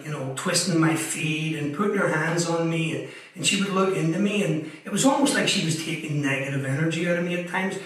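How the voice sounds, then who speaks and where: A man's voice: on the high side, fairly bright tone. Belfast man telling his story in an echoey room. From Northern Ireland. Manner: rambling, frank, repeats words while searching. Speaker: guest author. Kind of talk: casual storytelling interview. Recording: very echoey room, a bit distant from the mic.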